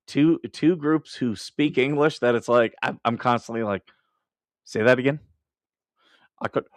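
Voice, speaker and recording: Brief: male stream host, mid-pitched voice, rambling rants with laughs, dry close sound. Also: fairly bright tone, dry recording. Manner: ranting, laughs often, rambling restarts. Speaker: livestream host. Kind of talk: casual live-stream commentary.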